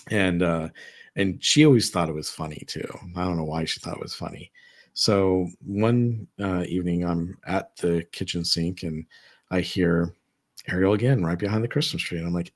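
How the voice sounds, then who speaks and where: A man sits at his dining table and tells his ghost stories in a relaxed, rambling way. His voice sits low and has a husky edge. He keeps circling back with fillers and restarts. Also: moderate pace. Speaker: guest telling personal ghost stories. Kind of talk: casual storytelling chat. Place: his own home, seated at dining table.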